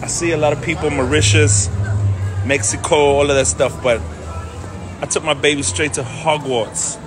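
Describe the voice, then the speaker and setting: A man's voice: on the high side, steady tone, normal speed. A man talking casually to a phone camera outdoors, laid-back and slangy, with music playing underneath. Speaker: vlogger on a family trip. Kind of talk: casual vlog chat. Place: outdoors on city streets and in a theme park.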